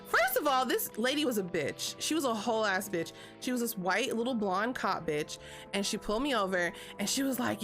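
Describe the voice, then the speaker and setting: A woman's voice: a little high, sing-song, normal speed, fairly bright tone, faint music behind. A woman in her thirties telling a story on a livestream, chatty and profane, with a constant "like" between phrases. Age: 30s. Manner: chatty, profane, heavy filler "like". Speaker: vlogger. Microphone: streaming setup.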